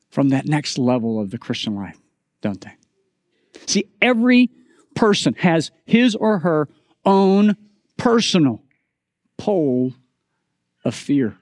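A middle-aged male pastor preaches a sermon in a storytelling manner, moving from humor to earnest appeals. His voice sits high and swings widely. The sound is dry and close. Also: dry recording.

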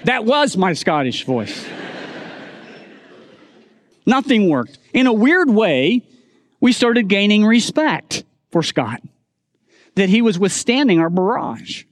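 A man's voice: high voice, big pitch swings, slow, long pauses, no echo, clean studio sound. A middle-aged man preaching a sermon as pastor, telling a humorous story and turning it into an earnest point.

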